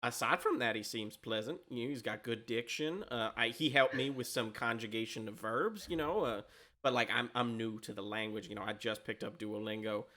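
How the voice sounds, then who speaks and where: A man's voice: mid-range voice, moderate pace, bright, forceful tone, close to an everyday voice. A man voicing a nervous, tiny halfling man who stammers and repeats his words. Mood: rambling.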